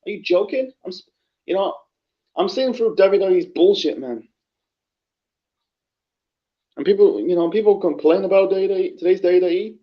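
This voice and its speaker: High-voiced man ranting in a rambling review. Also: expressive, brisk. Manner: rambling, profane, frequent fillers and restarts. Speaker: wrestling reviewer. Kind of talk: casual solo review. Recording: dull lo-fi recording.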